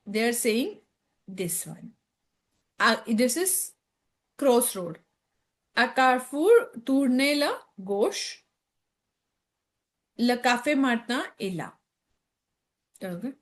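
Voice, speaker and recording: A woman's voice: a little high, expressive, takes it slowly, pauses often. A woman with an Indian English accent teaching French from a textbook, reading each line aloud and then translating it into English, checking in with "okay?" as she goes. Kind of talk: textbook lesson walkthrough.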